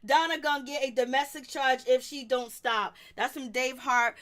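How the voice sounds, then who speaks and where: A woman host talks in a casual, slangy way and breaks into laughs often. Her voice sits high and sounds bright and crisp. Her delivery is animated and blunt. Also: moderate pace. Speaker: podcast host recapping reality TV. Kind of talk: casual chat.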